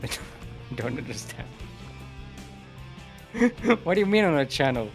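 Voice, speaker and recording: A man's voice: on the high side, sing-song, unhurried, soft background music. Playful giggly male esports caster. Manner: playful and giggly, jokes between calls. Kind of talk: live esports play-by-play commentary.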